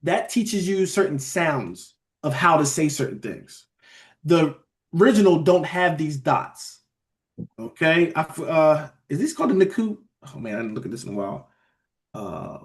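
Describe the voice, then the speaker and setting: In a laid-back online Bible teaching session, a male teacher with a somewhat high voice talks conversationally. His sentences ramble with restarts, and he keeps checking on his audience with "all right?" and "beloved."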